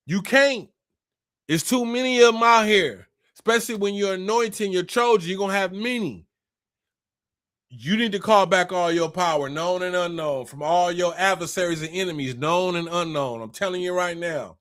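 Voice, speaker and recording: A man with a high, piercing voice delivers a fiery spiritual rant. He is blunt and profane, and he drives each point home by repeating it again and again. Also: expressive, normal speed, pushed and bright. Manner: profane, blunt and emphatic, repeats phrases for stress. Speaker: spiritual motivational speaker.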